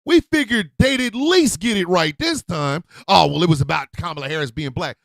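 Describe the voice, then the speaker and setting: An older man hosting a morning show, his voice swinging widely in pitch as he shouts and repeats his points. His voice sits fairly high for a man. The sound is close and dry with no room echo. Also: expressive, moderate pace, gravelly. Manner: shouting, emphatic repetition, then quiet and subdued. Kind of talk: impassioned on-air rant. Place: radio studio.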